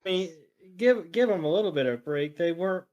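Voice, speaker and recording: A man co-hosting a podcast, making teasing, quick quips in casual banter. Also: sits high, expressive, a little mellow, lo-fi sound.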